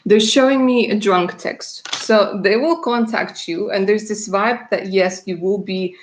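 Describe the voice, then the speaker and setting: A woman from Russia doing live-stream tarot readings, chatty and warm in her words, laughing often and calling viewers darling. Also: mid-range voice, measured pace. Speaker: tarot reader.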